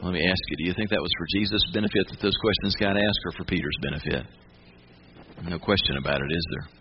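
A male pastor preaches a relaxed, conversational sermon and keeps putting questions to his listeners. His voice comes through a dull, muffled radio broadcast with a steady hiss underneath. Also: deep voice, fast.

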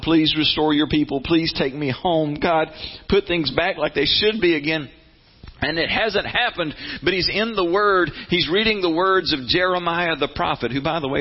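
Earnest American preacher on muffled radio. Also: male voice, medium pitch. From United States. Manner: earnest, conversational, rising to animated emphasis. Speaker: pastor. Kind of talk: sermon with scripture reading.

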